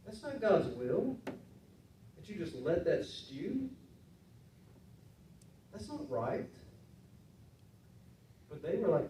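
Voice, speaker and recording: A man preaching a sermon in a relaxed, conversational way, acting out the voices of his listeners. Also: high-pitched, extremely slow, pauses often, slight background noise. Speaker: pastor. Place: church sanctuary. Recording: roomy church sound from a distance.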